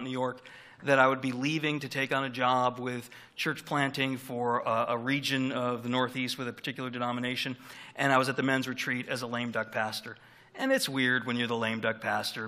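Middle-aged man, pastor, sermon delivery, bright tense timbre, mid pitch, conversational storytelling. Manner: conversational storytelling with dynamic emphasis.

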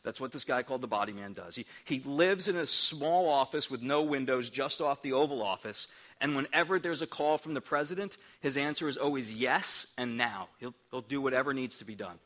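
A man's voice: mid-range voice, fairly quick, fairly bright tone. A middle-aged man preaching a sermon as a pastor, earnest and emphatic, often restarting his words.

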